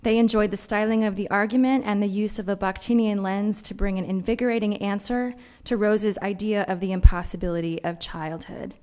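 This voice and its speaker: A woman's voice: medium pitch, fairly even intonation, mellow. A woman announcing essay award winners at a banquet, reading the committee's remarks. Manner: measured, formal reading. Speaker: award presenter. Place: banquet hall.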